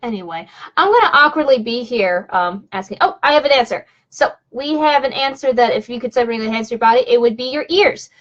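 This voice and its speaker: A woman's voice: a little high, lively intonation, fast, hardly any pauses, a bit bright, dull audio. A woman vlogger chatting casually on a home live stream, rambling with lots of fillers and restarts. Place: home room.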